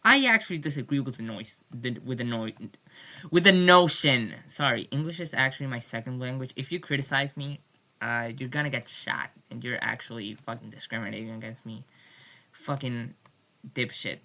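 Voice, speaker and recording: Woman, bright and sharp tone, loose irreverent vlog rant with jokey swearing. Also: extremely low pitch, moderate pace. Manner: rambling, irreverent, swears jokingly; many restarts and fillers. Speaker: music fan. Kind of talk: casual video diary rant.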